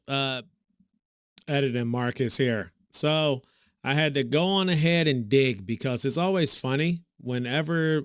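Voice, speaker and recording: A man hosting a reaction video, talking sarcastically and mockingly, with sudden high swoops in his voice. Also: clear, resonant tone, no room sound, clean studio sound. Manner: sarcastic, mocking, animated pitch swings. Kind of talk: reaction commentary.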